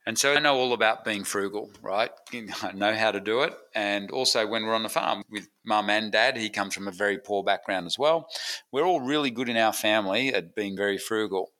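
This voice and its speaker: A man's voice: on the low side, brisk, poor audio. A middle-aged Australian man telling stories casually on a podcast, acting out the dialogue as he goes. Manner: animated storyteller acting out dialogue. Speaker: guest business educator.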